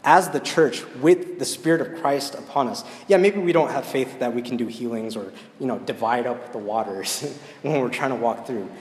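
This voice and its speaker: A man's voice: mid-range voice, moderate pace, few pauses, a little mellow. A man giving a storytelling sermon and then a prayer, talking conversationally and often checking in with "right?". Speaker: preacher. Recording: echoey hall with long reverb.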